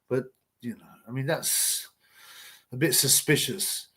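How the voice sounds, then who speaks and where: A man's voice: a little high, fairly even intonation, fairly quick, vocal fry. Rambling man hosting live boxing chat. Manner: rambling, blunt, slangy. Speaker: livestream host.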